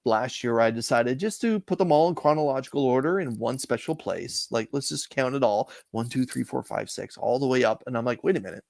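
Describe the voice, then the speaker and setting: Man, middle-aged, from Canada, gravelly voice, dry close sound, reflective storytelling. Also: medium pitch, a little mellow, no room sound. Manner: measured, reflective storytelling with frequent "uh" pauses. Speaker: interview guest, comic collector. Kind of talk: casual storytelling interview.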